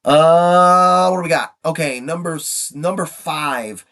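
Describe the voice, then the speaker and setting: A man's voice: a little high, expressive, moderate pace, fairly bright tone. Sniffly man in his fifties. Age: 50s. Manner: rambling, trailing off. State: sniffly from a cold. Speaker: music reviewer. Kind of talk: casual album countdown.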